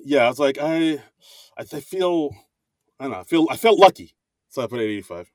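A man co-hosting a casual movie review podcast, who talks haltingly with frequent restarts. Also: on the high side, expressive, no echo. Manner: halting, stammering, restarts often. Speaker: podcast co-host.

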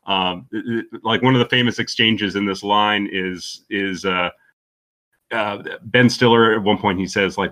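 A man co-hosting a podcast in casual chat, laughing often and dropping quick asides. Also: fairly low pitch, pushed and bright. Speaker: podcast co-host.

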